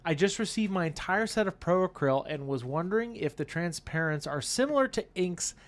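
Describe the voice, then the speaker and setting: Brief: man, stream co-host, slightly high voice, easy laugher, chat reader. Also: lively intonation, fairly quick. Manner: laughs easily, reads comments aloud. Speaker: co-host reading chat questions. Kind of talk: casual live-stream chat.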